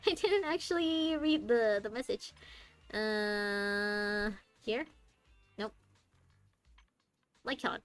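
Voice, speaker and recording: A woman's voice: medium pitch, animated, slow, long pauses, fairly bright tone, dry recording. A young woman streaming a game, chatting in a joking, rambling way that often breaks off mid-sentence. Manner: chatty, joking, self-interrupting. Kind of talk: casual gaming commentary. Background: faint game music.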